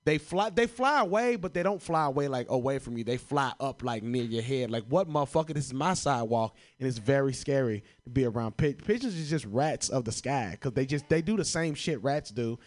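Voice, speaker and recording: A young man from Chicago doing a stand-up set with a medium-pitched voice. He swears freely and keeps laughing at his own jokes. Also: animated, fairly quick, few pauses. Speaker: stand-up comedian. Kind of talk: stand-up comedy answering prompts.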